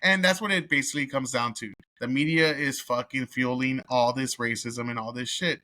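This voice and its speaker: A man reviews a film in a loose, unscripted way, swearing freely and stumbling through fillers as he retells scenes. His voice is bright and forceful, pitched in an ordinary middle range. He chuckles now and then as he goes along. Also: steady tone, moderate pace. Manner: profane and rambling, heavy cursing with filler words; amused, laughs while telling the story. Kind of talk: casual movie review.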